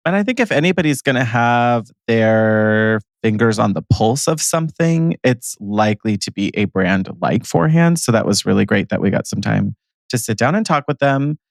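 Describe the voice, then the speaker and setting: A man cohosting a relaxed podcast, joking and laughing easily as he riffs with his cohost. His voice sits at a middling pitch, and the sound is dry and close. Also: normal speed, gravelly, dry recording. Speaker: podcast co-host. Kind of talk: casual chat.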